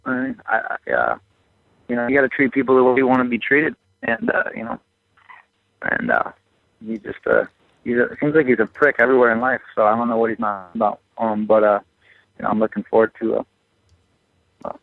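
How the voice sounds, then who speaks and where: Guy on a phone call, quick and halting, lots of uh and you know, dry tinny line. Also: mid-range voice, wildly swooping pitch, gravelly, dry recording. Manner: hesitant, many fillers and restarts. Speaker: fighter on media call. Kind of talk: conference call.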